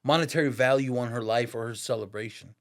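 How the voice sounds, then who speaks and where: Barber guy in his 30s, middle pitch, laid-back slangy storytelling, lots of bro and dog. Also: fast talker. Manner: slangy and profane, peppers talk with "dog" and "bro". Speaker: podcast guest, barber. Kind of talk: casual storytelling.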